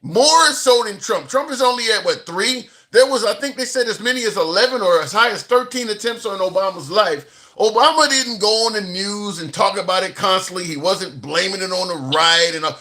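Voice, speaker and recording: A man's voice: sits high, normal speed, pushed and bright. Wry man reading viewer comments. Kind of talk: casual political chat.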